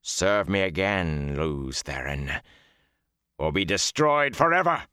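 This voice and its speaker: A man voicing a slow scornful dark lord. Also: low voice, very animated, clean tone, no echo, studio quality, full character voice. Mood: menacing. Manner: slow, commanding, contemptuous.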